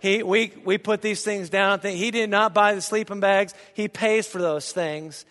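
Middle-aged male pastor from Indiana, high voice, animated anecdotal sermon delivery, reverberant hall. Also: unhurried. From Indiana, USA. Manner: lively anecdotal storyteller, jokes with the audience. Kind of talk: storytelling sermon. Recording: long reverb of a large hall.

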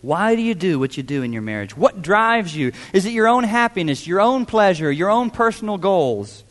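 Emphatic high-voiced male pastor preaching. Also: very animated, moderate pace, big-room sound. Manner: emphatic, rhetorical questions, mimics voices. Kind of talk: sermon.

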